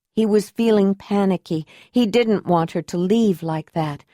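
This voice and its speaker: Female audiobook narrator, slow and measured, mid pitch, dry close sound. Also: mellow, no echo. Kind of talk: scripted narration.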